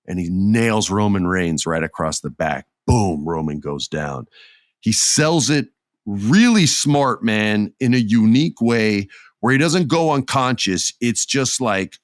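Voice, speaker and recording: A man in his thirties hosting a solo podcast, telling a story excitedly and acting out quotes. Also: medium pitch, a little slow, no echo, clean studio sound. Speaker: podcast host.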